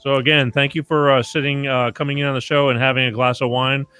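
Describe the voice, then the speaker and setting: A man's voice: medium pitch, little pitch movement, fast talker, pushed and bright, smooth, faint music behind. A middle-aged man hosting a call-in radio show in a casual chat, rambling with many restarts and fillers. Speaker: radio talk show host.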